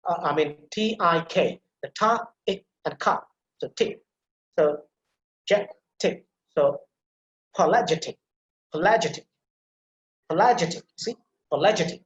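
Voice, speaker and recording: A man's voice: fairly high pitch, slow pace. A male pronunciation teacher takes a class through words one syllable at a time. He repeats each word over and over for the learners to echo back. His voice rings in a roomy space. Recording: echoey room.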